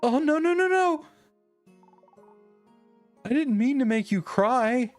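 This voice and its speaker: A streamer voicing an anxious young woman housemaiden from a video game, pitched well up and tumbling over apologies. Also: animated, slow pace, soft background music. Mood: frantic apology. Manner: high, frantic and apologetic.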